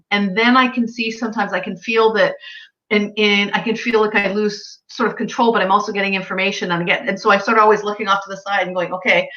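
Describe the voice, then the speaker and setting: A woman's voice: mid-range voice, sharp tone, lo-fi sound. A woman working as an animal communicator, chatting casually and acting out the voices of the people in her stories. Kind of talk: casual chat.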